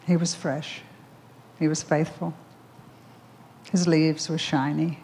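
A woman's voice: deep voice, flat delivery, slow, mellow, a little hiss or hum. A woman preaching a sermon, telling a story with emphatic repetition before leading a prayer. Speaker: speaker at a Bible conference.

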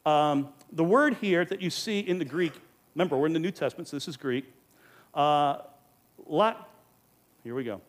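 An earnest man teaching a sermon to his congregation. His voice sits a little high and swings widely in pitch. He pushes his points home and fires off rhetorical questions. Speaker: pastor teaching a Bible study. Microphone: microphone.

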